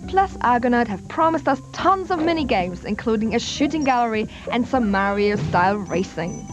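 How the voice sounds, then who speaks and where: A woman's voice: on the high side, animated, normal speed. A woman narrating a scripted video game review voice-over in a bubbly manner. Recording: dull TV audio with music.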